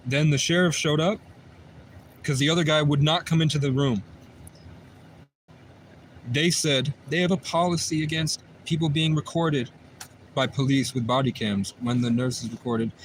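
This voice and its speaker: A man's voice: fairly high pitch, normal speed, slight background noise. A man on a livestream telling a long personal story in a rambling, repetitive way, often restarting his sentences. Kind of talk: livestream monologue.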